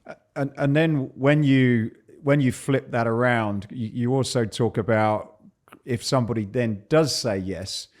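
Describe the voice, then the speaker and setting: Halting male interviewer. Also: mid-range voice, a little mellow. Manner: halting, many restarts. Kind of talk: interview questions.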